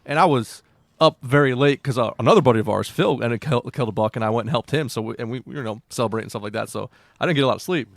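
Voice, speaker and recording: A man's voice: mid-range voice, rapid-fire, creaky, dry recording, clean studio sound. A man co-hosting a podcast, chatting casually, laughing often and throwing in jokes. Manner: laughs often, jokey interjections. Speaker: podcast co-host. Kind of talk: casual chat.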